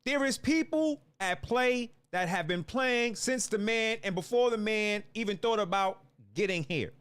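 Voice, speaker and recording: A man's voice: high voice, a little slow, fairly bright tone, clear, resonant tone. A man giving a heated political monologue, fiery and repeating himself as he restarts lines. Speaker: political commentator.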